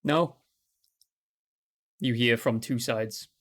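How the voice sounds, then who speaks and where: A man's voice: mid-range voice, very slow, fairly bright tone. A man with a mid-range voice narrates a tabletop game as its game master. He talks loosely and laughs easily. He stops often to correct himself.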